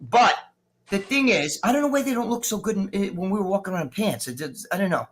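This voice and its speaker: His voice sits high, and he's an animated, fast talker. This middle-aged guest, recovering from surgery, chats on a live stream, launching into heated, rambling rants full of profanity.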